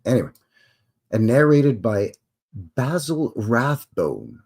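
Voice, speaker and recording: A man's voice: on the low side, animated, moderate pace. A man hosting a casual live stream, chatting, reading aloud and adding asides.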